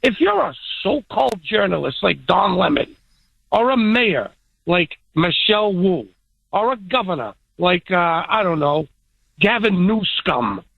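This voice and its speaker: A male caller with a cold comes through a dull, muffled phone line. His voice is husky and gravelly, and he swings widely in pitch as his indignation builds. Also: very animated, unhurried, no room sound. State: sick with a cold.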